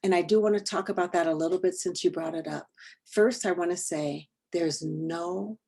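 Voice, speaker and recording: Over a video call, a female workshop trainer gives an online training presentation, earnest and deliberate, her points fading into a soft near-whisper. Her voice is fairly low in pitch and slightly rough.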